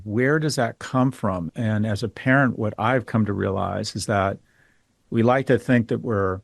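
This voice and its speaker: Here a middle-aged guest on a podcast interview, a financial expert, talks in a low-leaning voice captured echo-free at studio quality. His manner is outspoken and opinionated, and he leans on storytelling.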